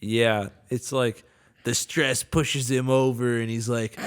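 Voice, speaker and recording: A man's voice: medium pitch, flat delivery, slow, background noise. A young man co-hosting a casual podcast, telling a rambling, jokey story full of "dude" and "man". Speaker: podcast co-host. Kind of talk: casual chat.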